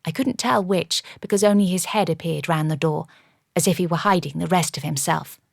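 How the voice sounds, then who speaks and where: A woman narrating a first-person audiobook in a measured, even storytelling manner. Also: lowish voice, gravelly, no room sound. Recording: dry studio audiobook.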